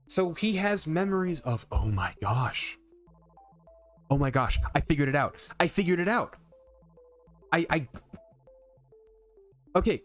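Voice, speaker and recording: A streamer chatting casually and thinking out loud while playing a visual novel. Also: medium pitch. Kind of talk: casual game commentary.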